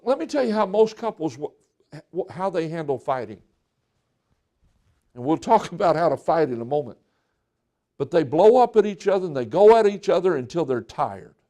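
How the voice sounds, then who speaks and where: A man's voice: on the high side, very animated, normal speed, pauses often, mellow. A pastor preaching a conversational sermon to his congregation, acting out little exchanges between couples. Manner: conversational preaching with acted-out quotes.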